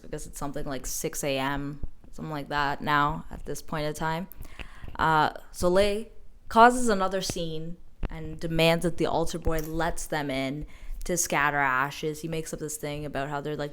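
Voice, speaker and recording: A woman's voice: sits low, fairly bright tone. A woman casually retelling a novel's plot with playful, dramatic asides. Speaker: book recap vlogger. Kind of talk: casual storytelling recap.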